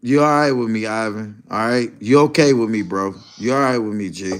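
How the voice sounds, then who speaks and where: A man's voice: on the low side, a little fast. A man hosting a casual livestream, talking to his chat in a rambling, profane way and laughing often. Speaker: livestream host.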